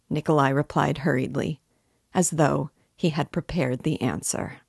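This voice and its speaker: A woman reading a novel aloud in a steady, clear narration. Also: rumbling low, measured pace, no echo, clean studio sound. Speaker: book reader. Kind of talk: audiobook narration.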